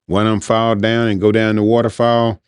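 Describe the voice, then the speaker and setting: A man's voice: fairly low pitch, little pitch movement, fairly quick, smooth, dry recording, studio quality. A man hosting a show, talking in a loose, rambling, informal monologue. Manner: rambling, conversational, informal speech. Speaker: podcast host. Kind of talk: casual monologue.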